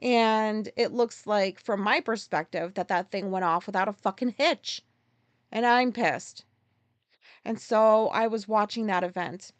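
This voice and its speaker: A woman's voice: medium pitch, measured pace, dry recording, lo-fi sound. A woman hosting a solo podcast, ranting in an exasperated, profane, casual way. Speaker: podcast host.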